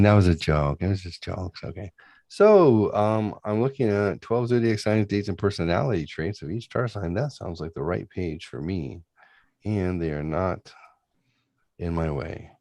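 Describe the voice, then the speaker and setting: Deep-voiced man ranting on a podcast. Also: a little mellow, no room sound, clean studio sound. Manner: profane ranting. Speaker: podcast host. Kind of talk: casual chat, reading aloud. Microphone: close podcast mic.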